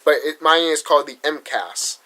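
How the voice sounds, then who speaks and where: A man's voice: on the high side, normal speed, sharp tone, rough recording. A young man from Massachusetts venting in a casual vlog, talking bluntly and profanely with frequent restarts. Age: young adult. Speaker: vlogger. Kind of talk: frustrated vlog rant.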